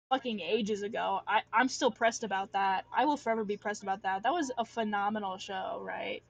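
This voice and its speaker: A woman's voice: medium pitch, gravelly, no room sound. A young adult woman chatting casually on a livestream while drawing, rambling and ranting with lots of filler and restarts. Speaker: artist streamer.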